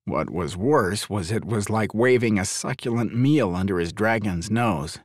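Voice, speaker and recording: A male audiobook narrator with a mid-pitched voice that swings with lively intonation. The reading is dry and close, with no room sound. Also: a little slow, no echo. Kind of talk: scripted narration.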